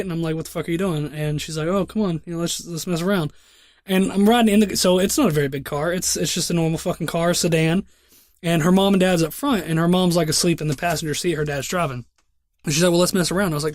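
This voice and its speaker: A young man with a fairly high voice hosts a podcast and spins a loose, profane story in a laid-back way. His speech is full of restarts. The sound is close and dry. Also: dry recording. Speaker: podcast host. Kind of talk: casual podcast chat and storytelling.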